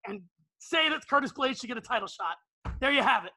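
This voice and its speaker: A man's voice: very high-pitched, expressive, a little fast, pushed and bright, dry recording. A man on a podcast panel, brashly roasting a guest with punchy rhetorical questions before arguing his pick.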